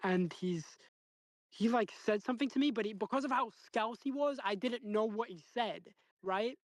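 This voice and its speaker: A speaker with a Northern English accent, retelling an anecdote in a loose and animated way, full of "like" and false starts. The voice sits in an average pitch range. The sound is dry and close, with no room echo. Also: moderate pace. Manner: rambling, filler-heavy, animated retelling. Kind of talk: casual storytelling chat.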